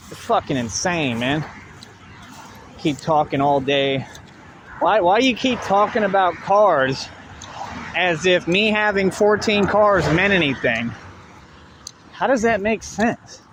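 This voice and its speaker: A man delivers a combative, profane rant that circles back on itself, in a fairly high voice. Faint street and car noise sits behind him. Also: lively intonation, slow pace, long pauses. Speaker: online show host. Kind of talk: ranting monologue.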